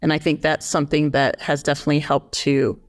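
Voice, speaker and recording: Relaxed woman nurse co-host, chatty. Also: low voice, fast. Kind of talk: casual podcast chat.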